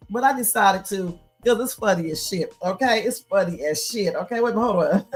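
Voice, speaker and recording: Animated, laughing woman streamer, casual storyteller, soft music underneath. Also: medium pitch, a little fast, hardly any pauses. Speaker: livestream host.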